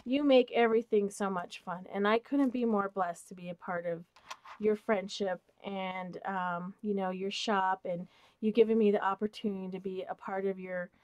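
A woman hosting an off-camera craft haul vlog, gushing with excitement and often dropping to a soft, breathy hush as she looks over each item. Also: mid-range voice, normal speed. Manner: gushing, excited, repeats "oh my gosh". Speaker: craft channel host. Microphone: close mic, off camera.

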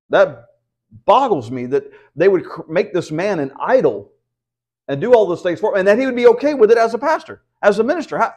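A man's voice: on the high side, a little mellow. A man, teaching the Bible at a house church. He preaches in an easy, conversational way, often asking the room rhetorical questions. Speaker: pastor.

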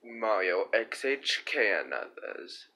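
Bright, bouncy man rambling through a trailer. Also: lowish voice, very animated, slow pace, low-quality recording. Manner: stumbling, restarts sentences, jokey. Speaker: channel owner presenting a trailer. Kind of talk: rambling home-made channel trailer.

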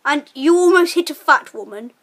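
An excitable woman narrating a video game session with her friend. Her voice sits high and lively, casual chatter that flips into loud, laughing shrieks whenever things fall apart. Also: normal speed. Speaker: gaming channel host. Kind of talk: let's play commentary.

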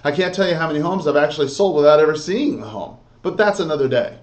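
A man's voice: a little high, lively intonation, fast, reverberant, lo-fi sound. A man teaching real estate agents, coaching them through a sales script and often checking in with "okay?" and "all right?". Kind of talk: instructional talk with role-play.

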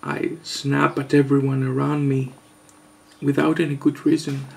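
A man vlogger giving a mock-serious confession, halting and hesitant, earnest and overwrought. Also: mid-range voice, level tone, gravelly, darkish tone, slight background noise. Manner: halting, hesitant, with long pauses.

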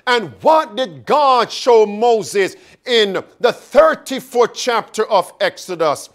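A man's voice: high-pitched, lively intonation, a bit bright. A man preaching a sermon, calling out questions to the congregation and stretching words for emphasis. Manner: calls and questions to the congregation, drawn-out emphatic phrases.

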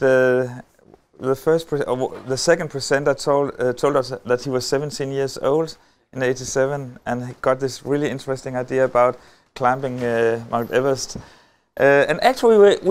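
A middle-aged Danish man speaking on a stage at a conference, telling a story with wry humor and many halting filler sounds. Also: medium pitch, steady tone, smooth. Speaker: lecturer. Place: on a stage before an audience.

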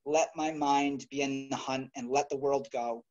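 A man from New York, a guest author, telling stories casually with an animated, chuckling manner. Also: medium pitch, moderate pace, highs cut off. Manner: animated anecdote teller, chuckling. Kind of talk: casual storytelling.

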